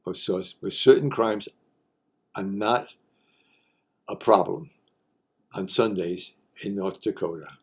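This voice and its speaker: Folksy, mellow-voiced older man joking. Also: low voice, takes it slowly, pauses often, slightly rough. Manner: folksy, wry, joking asides. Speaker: host. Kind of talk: casual explainer monologue.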